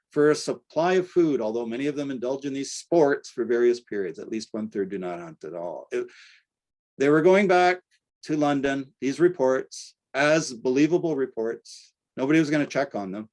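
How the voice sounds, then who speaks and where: An older man giving an academic lecture in a conversational way, often checking in with "right?" and pausing on fillers. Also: a little high, a little mellow. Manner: conversational, tags points with "right?", frequent fillers. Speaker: archaeology lecturer.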